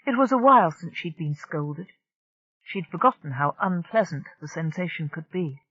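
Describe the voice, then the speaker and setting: An audiobook narrator reading a science-fiction novel in a steady, even storytelling voice. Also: mid-range voice, moderate pace, dry recording, muffled recording.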